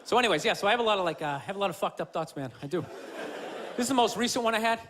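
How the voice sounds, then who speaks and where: A man's voice: high voice, animated, very fast. A male stand-up comedian, profane and rambling, tossing rhetorical asides to the audience. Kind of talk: stand-up routine. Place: comedy club stage with live audience. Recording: live club audio with crowd noise.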